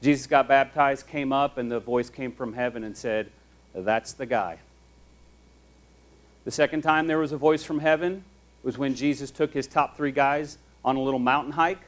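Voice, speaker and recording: A man preaching a sermon as a pastor, telling the story in a conversational, animated way. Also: fairly high pitch.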